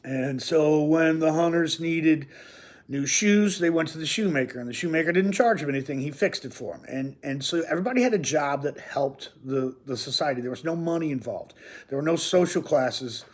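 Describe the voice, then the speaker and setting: A man's voice: fairly high pitch, moderate pace. A man giving an informal recorded lesson from his home, talking in a rambling, chatty way with joking asides. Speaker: teacher. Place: at home near his kitchen.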